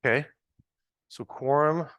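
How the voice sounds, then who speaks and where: A man's voice: fairly high pitch, fairly even intonation, measured pace, fairly bright tone, no room sound. A man leading an informal training workshop, chatty and joking, thinking aloud as he works with the audience. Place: large ballroom with a live audience.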